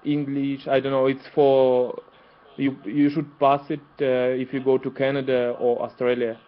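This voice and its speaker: Hesitant man speaking flatly on a call. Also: mid-range voice, normal speed. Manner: hesitant, many uhs. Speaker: student. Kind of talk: answering in an online class. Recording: muffled call audio with faint noise.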